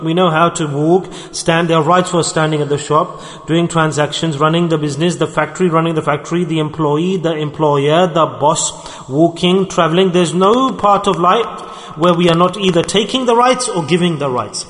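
A man delivers a sermon, telling stories earnestly and drawing out key words as he repeats them. His voice sits on the high side for a man. Long reverb from the hall trails behind him. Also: a bit bright. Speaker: preacher.

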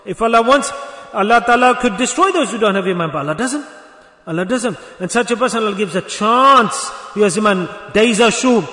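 A man's voice: high voice, animated, brisk, pushed and bright. A man giving a sermon, telling a story and putting rhetorical questions to his listeners. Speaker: preacher. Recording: echoey hall.

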